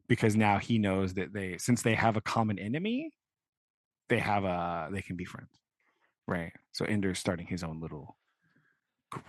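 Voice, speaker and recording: A man's voice: low voice, no room sound. A young man co-hosting a podcast, recapping a book in a rambling way, full of "like" and "right?". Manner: rambling, filler-heavy, keeps asking "right?". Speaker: podcast co-host. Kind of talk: casual book discussion.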